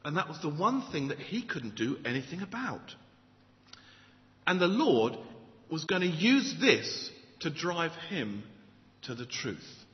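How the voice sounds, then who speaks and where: A man's voice: a little high, a little slow. A man preaching a sermon, opening with a joke and asking the listeners rhetorical questions. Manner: animated storyteller, rhetorical questions. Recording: dull audio in a reverberant hall.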